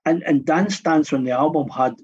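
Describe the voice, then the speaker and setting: A man's voice: on the high side, normal speed, a little mellow. A man in his fifties, a guest on a radio show, telling long anecdotes in a rambling way with many restarts. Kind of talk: casual radio chat. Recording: dull, muffled radio studio sound.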